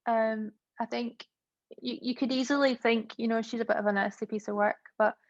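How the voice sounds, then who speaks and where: A woman, the author, talks about her novel at a launch event in a chatty way full of fillers. Her voice stays flat and even. The sound is dull, lo-fi, and dry. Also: a little high, normal speed, dry recording.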